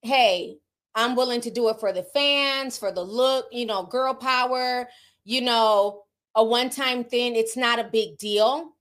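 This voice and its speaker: A woman's voice: fairly high pitch, unhurried, fairly bright tone. Chatty Southern woman gossiping with her viewers. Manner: chatty, candid, laughs often, reacts to viewer comments. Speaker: livestream host reading chat. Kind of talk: casual celebrity gossip chat.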